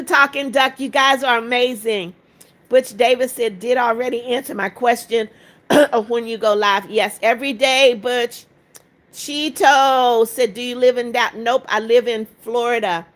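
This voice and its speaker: A woman's voice: on the high side, a bit bright. Tired grandma in her seventies reading comments. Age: 70s. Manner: reads each comment out and answers it briefly and plainly. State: tired after two hours of talking. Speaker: livestream host. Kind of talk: reading viewer comments aloud on a live stream.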